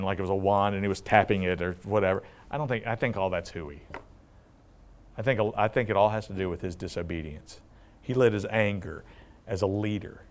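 A man teaching from the Bible in a conversational way, putting questions to his listeners and acting out the quotes with animation. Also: deep voice. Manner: animated, asks the audience questions, acts out quotes. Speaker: preacher.

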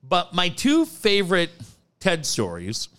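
A man telling radio stories in casual chat, profane and animated. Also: high voice, takes it slowly. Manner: animated, profane, mimics voices in anecdotes. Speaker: sports radio host.

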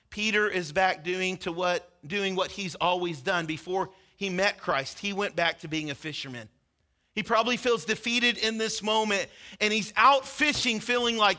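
High, bright-voiced man preaching a sermon. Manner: earnest storytelling, acting out quoted lines with rising intensity. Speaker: pastor.

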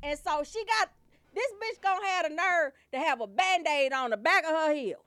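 A woman telling profane comedy stories, loud and animated, swearing and laughing often. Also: very high-pitched, moderate pace, no echo.

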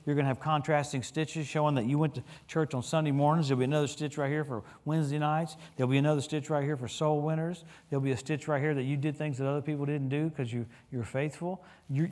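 Animated middle-aged male preacher. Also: fast, hardly any pauses. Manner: animated storytelling with humor, lively pitch swings. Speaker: guest preacher. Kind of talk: sermon. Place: church.

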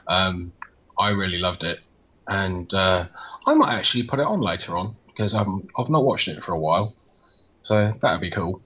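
Low-voiced, blunt man over faint hiss. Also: expressive, normal speed, sharp tone, muffled recording. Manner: blunt, dismissive, swears freely. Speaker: podcast co-host. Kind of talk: casual horror movie chat.

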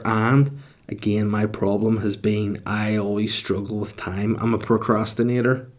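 A man hosting his own podcast alone, chatting casually and drifting from one aside to the next. He mocks himself and swears freely. His voice sits a little low. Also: little pitch movement, moderate pace. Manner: rambling, self-mocking, swearing freely. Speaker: podcast host. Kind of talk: casual solo podcast monologue.

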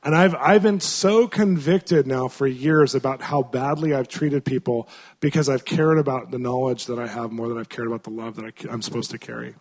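A man's voice: medium pitch, steady tone, normal speed. A man preaching in an earnest, conversational way, telling a story to his congregation with many fillers and restarts. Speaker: pastor. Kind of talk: sermon storytelling.

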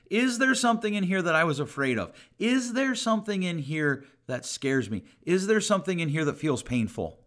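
An earnest middle-aged man talking through advice on his podcast. His voice sits a little high for a man, and he keeps a conversational tone, circling back to repeat his main points. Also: pushed and bright. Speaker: podcast host and counselor. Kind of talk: solo podcast talk, advice.

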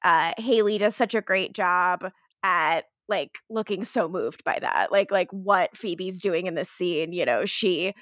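A woman's voice: on the low side, measured pace, fairly bright tone, dry recording, studio quality. A woman co-hosting a podcast, recapping an episode in casual chat, laughing often and swearing, with lots of fillers. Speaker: podcast co-host.

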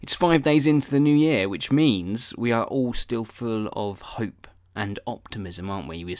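A man's voice: medium pitch, normal speed, hardly any pauses, dry recording, studio quality. A man hosting a solo podcast, rambling off-topic in a self-deprecating way with casual swearing. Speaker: podcast host.

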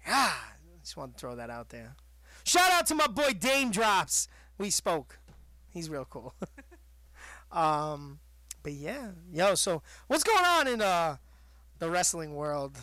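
A man's voice: a little high, big pitch swings, slow, sharp tone, no room sound. A man hosting a wrestling radio show in rambling, jokey casual chat. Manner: rambling, jokey, laughs a lot.

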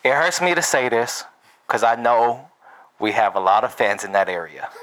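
A man's voice: mid-range voice, normal speed. A man co-hosting an album review podcast, talking casually with heavy slang and cursing, often laughing mid-rant. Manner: animated, profane, laughs through his rants.

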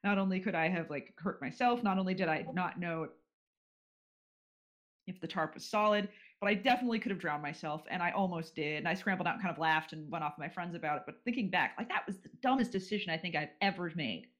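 A man's voice: high voice, fast talker, fairly bright tone. Rambling man telling a story. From California. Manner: storytelling with many fillers and restarts. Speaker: podcast co-host. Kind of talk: casual chat.

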